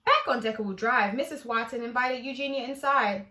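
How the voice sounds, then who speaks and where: A woman narrating a children's storybook aloud with expressive reading. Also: a little high, brisk. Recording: echoey room.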